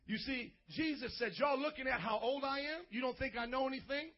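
A man preaching a lively sermon as a pastor, playful, calling for responses and acting out little scenes. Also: extremely high pitch, brisk, hardly any pauses. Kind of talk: energetic sermon to youth. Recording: dull lo-fi recording.

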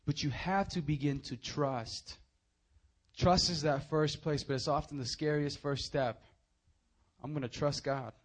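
A young male preacher with a voice that sits a little high. He tells stories with lively, swinging energy, then turns quiet and earnest when he makes his point. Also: a little slow. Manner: animated storytelling, swinging from hushed to loud. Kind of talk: sermon.

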